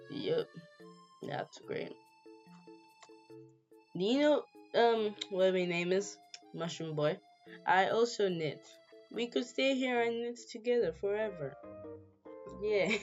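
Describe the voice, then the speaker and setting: A woman with a fairly low voice reads a game's story aloud and drops in joking asides. The recording sounds dull and lo-fi, with faint music under her. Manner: playful asides with laughter. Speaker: gamer. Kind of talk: let's play, reading a visual novel aloud.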